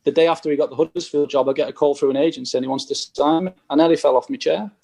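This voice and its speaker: A former footballer tells casual stories on a podcast. He is an animated storyteller who acts out the exchanges he quotes. His voice sits fairly high for a man. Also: very fast, creaky. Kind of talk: casual anecdote telling.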